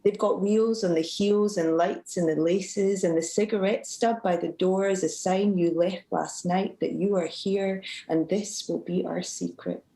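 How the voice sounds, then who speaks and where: A woman, a student poet, reading her poem aloud at a live event with a measured, emotive delivery. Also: on the low side, fairly even intonation, vocal fry, mellow, rough recording. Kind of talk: poetry reading.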